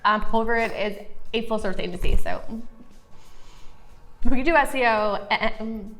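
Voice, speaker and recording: A woman's voice: on the high side, a little slow, fairly bright tone, faint music behind. Teasing woman in a casual interview. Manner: dry, teasing banter. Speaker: interview guest, marketing executive. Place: indoors at an office.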